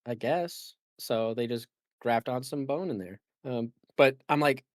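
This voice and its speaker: A man's voice: mid-range voice, a little slow, no room sound. Rambling male podcast host, dry sound. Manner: rambling, filler-heavy and self-correcting. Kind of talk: casual podcast chat.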